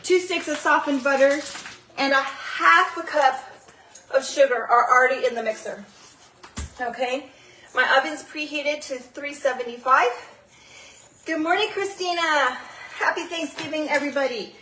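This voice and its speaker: A woman hosts a live baking stream from her home kitchen, chatting easily with her viewers. Her voice sits a little high, with lots of ums and asides. The kitchen echoes around her and a faint hiss sits underneath. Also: moderate pace, sharp tone, distant mic. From Southern California. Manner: chatty, greets viewers by name, many fillers. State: out of breath after running stairs. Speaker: channel host baking live. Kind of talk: casual live-stream cooking demo.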